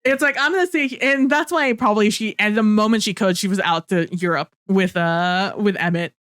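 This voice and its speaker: A woman's voice: medium pitch, normal speed, fairly bright tone, smooth, no room sound, clean studio sound. A young woman co-hosting a podcast, talking through a book in a loose, chatty way with lots of fillers. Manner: chatty, many fillers, mock-quotes characters. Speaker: podcast co-host. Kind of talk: casual book-club chat.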